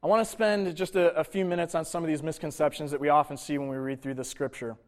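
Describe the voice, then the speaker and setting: Man, pastor, sermon, conversational, casual asides, slightly high voice. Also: fairly even intonation. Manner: conversational preaching with asides and quick impressions.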